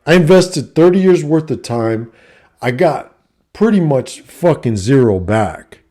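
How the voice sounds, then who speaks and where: A man's voice: medium pitch, measured pace. Blunt, cursing middle-aged man. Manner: profane, blunt, animated. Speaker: vlogger and coach. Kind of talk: casual storytelling rant.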